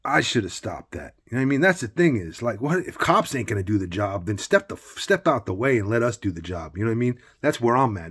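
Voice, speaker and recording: A man's voice: fairly low pitch, slightly rough. A man talking in a loose, blunt, rambling personal monologue, often filling with casual asides. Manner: blunt, loose and rambling, full of "you know what I mean".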